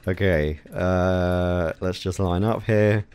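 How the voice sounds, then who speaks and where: A man commentating his own gameplay, excited, giggling often and exclaiming at explosions. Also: sits low, slow, smooth. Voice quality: giggly, frequent laughter and exclamations. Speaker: gaming YouTuber.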